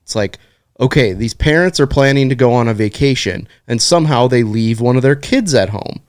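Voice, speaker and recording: A man's voice: medium pitch, lively intonation, a little fast, dry recording, clean studio sound. Rambling man telling stories on a podcast. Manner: rambling storyteller, swears casually. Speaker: podcast co-host. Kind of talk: casual chat.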